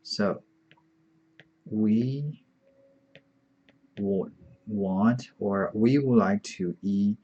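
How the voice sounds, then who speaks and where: A man's voice: lowish voice, dark tone, husky, dull audio. A man teaching an online beginner Chinese lesson, patient and repetitive, saying each word several times. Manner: slow, patient, repeats words often.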